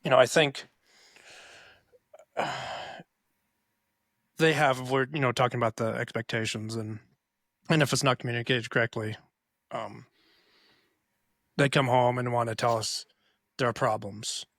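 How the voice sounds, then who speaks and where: A man of medium pitch talks through his point on a podcast. He is earnest and reasons it out step by step. The recording is dry and close. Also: fairly even intonation, a little slow, long pauses, fairly bright tone, no room sound. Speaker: podcast co-host. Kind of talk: casual chat.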